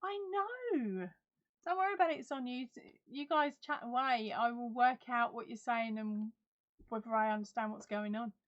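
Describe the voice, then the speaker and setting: A woman's voice: fairly high pitch, normal speed. Chatty, giggly woman on a lo-fi webcam. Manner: chatty, giggly, reads out viewer comments. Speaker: livestream host. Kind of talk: casual live chat.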